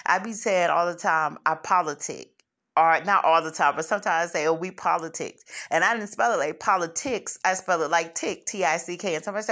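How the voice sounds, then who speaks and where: A woman's voice: fairly low pitch, a little fast. A woman author hosting her own podcast, talking bluntly and profanely in a casual monologue, acting out quoted voices as she goes. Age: adult with kids. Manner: blunt, profane, animated storytelling with quoted asides. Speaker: podcast host and self-published author.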